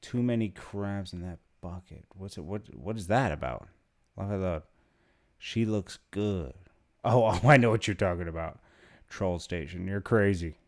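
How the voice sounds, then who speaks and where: A tired young man hosts a casual live stream with a fairly low voice. He talks in a laid-back, mumbling way, reads viewer comments aloud and trails off as he goes. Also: measured pace, darkish tone. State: tired, yawning. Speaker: livestream host.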